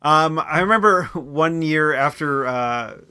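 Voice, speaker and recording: A man co-hosting a casual comedy podcast, joking and often trailing off quietly. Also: a little high, slow, smooth. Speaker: podcast co-host.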